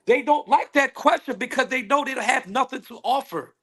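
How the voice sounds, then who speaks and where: A man speaking on a panel call, emphatic and animated, acting out what others say to him. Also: very high voice, a little fast. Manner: animated, emphatic, acts out quoted women. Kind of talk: casual panel discussion. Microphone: phone on a call.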